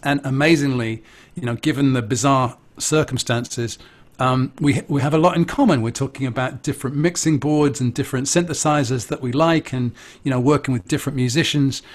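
An English man, a musician, telling a casual anecdote in an animated, chatty way with amused asides. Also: mid-range voice, fairly quick. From England. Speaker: interviewee, musician.

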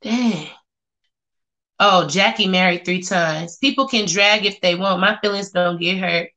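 Sassy bright-voiced woman streamer. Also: mid-range voice. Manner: sassy, chatty, reacts aloud to comments with drawn-out exclamations. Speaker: vlogger reading live chat. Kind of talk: casual live-stream chat.

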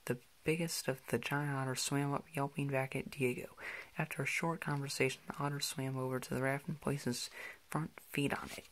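A man's voice: medium pitch, steady tone, moderate pace, a bit bright. A man reading a children's picture book aloud, in plain narration with small slips and restarts. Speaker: reader.

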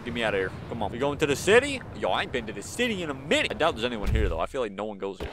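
A young man commentating his own gameplay with a hyped, slangy delivery. His pitch swings widely, from low mumbles to sudden high yelps. Faint gunfire and game sounds sit behind him. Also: big pitch swings, racing, background noise. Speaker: gaming YouTuber.

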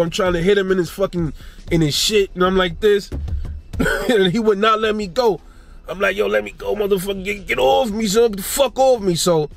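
A young man ranting and telling a casual story about fighting, swearing a lot and rising in pitch when he gets riled up. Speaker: boxing commentator.

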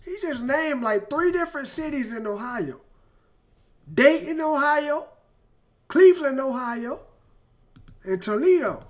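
High-voiced hyped young man reacting. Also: animated, a little slow, pauses often. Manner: hyped, slangy, bursts into exclamations. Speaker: reaction video host. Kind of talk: excited music reaction chat. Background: loud hip hop track playing.

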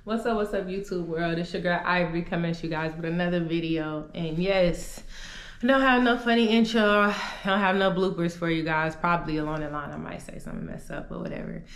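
A young adult woman vlogging a candid devotional testimony, sighing and laughing softly as she talks. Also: fairly low pitch, fairly quick, reverberant. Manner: candid, conversational, with sighs and soft laughs. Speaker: YouTuber sharing testimony. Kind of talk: casual devotional vlog talk.

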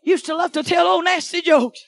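A middle-aged woman, preaching a fiery sermon in church, shouting, chanting and throwing questions at the congregation. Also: very high voice, normal speed, creaky, no echo, studio quality. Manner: shouting, chanting, call-and-response asides. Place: church sanctuary.

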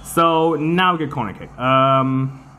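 A man giving casual let's-play commentary over a soccer video game, excitable and quick to swear and groan at the game. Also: mid-range voice, noisy background. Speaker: gameplay commentator.

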